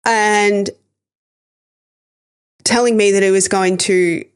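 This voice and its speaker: A woman's voice: mid-range voice, steady tone, takes it slowly, smooth. A woman, hosting a podcast and candidly telling a painful personal story, emotional and swearing at times. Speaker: podcast host sharing her story.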